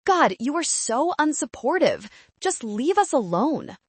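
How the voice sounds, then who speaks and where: A woman's voice: mid-range voice, sing-song, measured pace, dry recording. A woman voicing a scornful young bride-to-be who talks down to people in a sneering, condescending way. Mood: shrieking.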